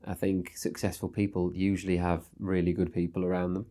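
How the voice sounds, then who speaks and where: A man speaks as a guest on an interview show, his voice sitting fairly low. He talks in a loose, hesitant way, full of fillers and restarts, and often pokes fun at himself. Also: level tone, brisk, mellow. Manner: hesitant, self-deprecating, many fillers and restarts. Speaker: guest, film director. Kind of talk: casual interview chat.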